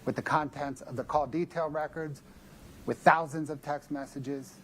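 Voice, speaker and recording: A man giving a courtroom closing argument as prosecutor, speaking in a measured, methodical and emphatic way. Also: a little high, steady tone, fairly bright tone, slight background noise.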